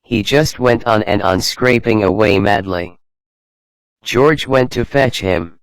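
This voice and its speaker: A man narrating a children's adventure storybook in a slow, even reading manner. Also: fairly low pitch, clean tone, dry recording, poor audio.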